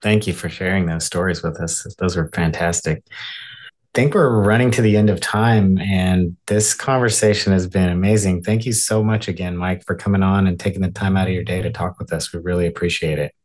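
A male host with a very deep, low voice wraps up the interview. He thanks his guest in a thankful, appreciative way. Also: fairly even intonation, brisk, a little mellow. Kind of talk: closing an interview.

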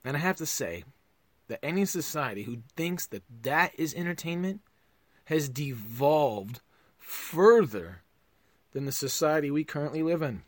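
A man hosting a podcast, delivering a profane comedic rant that swings between loud outbursts and low mutters. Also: animated, unhurried, no echo.

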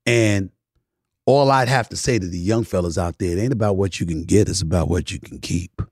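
A man hosting a podcast in a casual monologue, emphatic, swinging between loud preaching and low murmurs, now and then singing bits of old soul songs. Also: a little fast, slightly rough, no room sound, clean studio sound. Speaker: podcast host.

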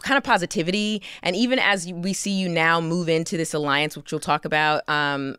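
A woman's voice: low-pitched, fairly even intonation, a little fast, sharp tone, clean tone, dry recording, clean studio sound. A woman co-hosting a podcast, enthusiastic and laughing as she chats with a guest. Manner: enthusiastic, laughing, hype phrases. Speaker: podcast co-host. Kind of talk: casual interview chat.

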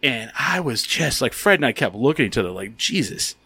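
A man's voice: mid-range voice, big pitch swings, fast talker, sharp tone, slightly rough, dry recording. A man co-hosting a casual chat, telling a story with lots of swearing and acted-out quotes. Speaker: podcast co-host.

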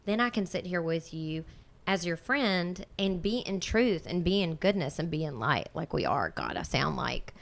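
A woman with a slightly low voice talks in a casual chat. She rambles in an earnest, self-reflective way as she works through her thoughts. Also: very animated, moderate pace, creaky.

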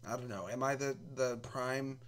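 A man's voice: mid-range voice, fairly even intonation, moderate pace. A man telling a rambling comic story in a talk show, interrupting himself and sounding incredulous. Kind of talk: comedic storytelling chat.

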